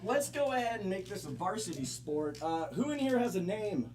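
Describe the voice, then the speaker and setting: A man hosting a live improv comedy show, loud and joking as he explains the rules to the audience. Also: high-pitched, very animated, normal speed. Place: comedy theater stage. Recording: live crowd around.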